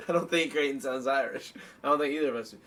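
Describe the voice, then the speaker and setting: A man's voice: fairly high pitch, animated, a little fast, crowd noise. A young man hosting a casual podcast and livestream from his desk, teasing his friend and laughing often. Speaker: podcast host and streamer. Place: at a desk in a home streaming setup.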